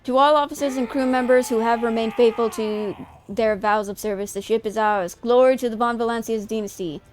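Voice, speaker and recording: A woman streamer on a headset, reading game text aloud and reacting in an excitable, profane, giggly way. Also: on the high side, fairly quick, a little hiss or hum. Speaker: streamer playing a video game.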